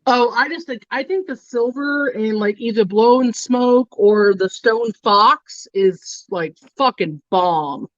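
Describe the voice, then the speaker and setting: A woman with a fairly high voice talks through her makeup routine in a blunt, casual way that is peppered with swearing. Her audio sounds dull and lo-fi, with a dry, dead sound. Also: slow, few pauses, dry recording. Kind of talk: casual chat while doing makeup.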